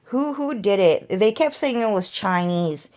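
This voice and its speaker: Smooth-voiced woman rambling to camera. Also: medium pitch, animated, a little slow, darkish tone. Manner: rambling, repeats words and restarts phrases. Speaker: vlogger. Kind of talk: rambling monologue.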